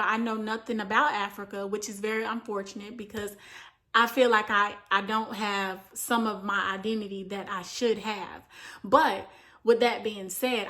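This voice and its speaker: A woman's voice: a little high, sharp tone. A young woman from the United States talking earnestly to camera in a vlog, explaining at length with frequent fillers. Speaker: vlogger. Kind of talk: casual talk to camera, reading from notes.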